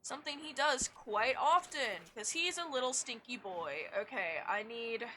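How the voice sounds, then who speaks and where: A woman's voice: a little high, expressive, a little slow, sharp tone. A young woman streaming a game, chatting casually, swearing freely and poking fun at herself. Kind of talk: casual gameplay chat.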